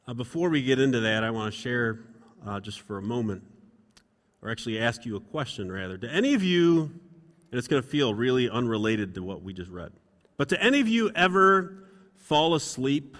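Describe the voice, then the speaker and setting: A man's voice: mid-range voice, expressive, moderate pace, fairly bright tone. A middle-aged male pastor preaching a sermon, chatty and self-deprecating as he tells stories from the pulpit. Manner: conversational, self-deprecating storytelling. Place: church sanctuary. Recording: long reverb in a hall.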